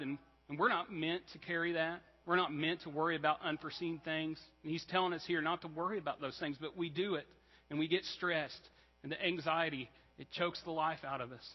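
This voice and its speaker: A man preaching a conversational sermon as pastor, talking casually with frequent "like" and "right?" check-ins. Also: fairly high pitch. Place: church sanctuary. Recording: dull, reverberant church hall.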